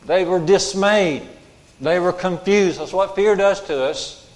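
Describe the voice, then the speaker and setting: A man's voice: sits high, measured pace. A man preaching a sermon as pastor, emphatic and repeating his key lines for weight. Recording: long hall reverb.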